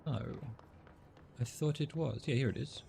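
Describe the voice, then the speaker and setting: A man's voice: medium pitch, unhurried, gravelly, warm tone, slight background noise. A middle-aged man with a mild Australian accent, chatting casually and self-deprecatingly while playing a game, with many fillers. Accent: Australian, softened. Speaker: game streamer. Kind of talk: casual gameplay commentary.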